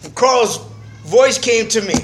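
A man's voice: extremely high pitch, animated, a little slow, noisy background. A middle-aged man sharing his recovery story at a meeting in a profane, streetwise, earnest way. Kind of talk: personal testimony, casual storytelling. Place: meeting room.

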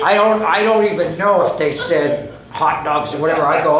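Older male speaker, high voice, lively storyteller doing voices, roomy hall echo. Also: normal speed, a crowd in the background. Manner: animated storyteller acting out voices, chuckling. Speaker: recovery meeting speaker. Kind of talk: personal recovery story.

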